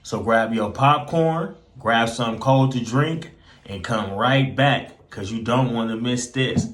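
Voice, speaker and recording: A man's voice: mid-range voice, a little slow, fairly bright tone. A man hosting an online news channel, chatting directly to viewers as he introduces clips. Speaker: host. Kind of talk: casual video introduction.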